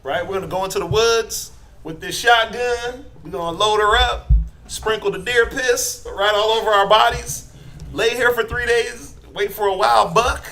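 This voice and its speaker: A man's voice: high voice, moderate pace, pushed and bright, voice pushed up. Man putting on a drawling Southern hunter dad. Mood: folksy boasting. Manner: drawling, folksy, boastful. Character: rough backwoods hunter father teaching his son.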